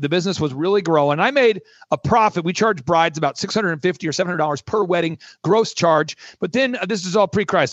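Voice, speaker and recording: Animated storytelling man, slightly high voice. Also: dry recording, highs cut off. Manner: animated anecdote with acted quotes. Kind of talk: casual storytelling.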